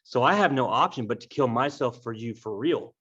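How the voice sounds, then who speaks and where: A man voicing a groggy, exasperated teenage girl, pitching his voice up. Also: expressive, a little fast, a bit bright, slightly rough. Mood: resigned. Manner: exasperated, bossy. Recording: dull lo-fi recording.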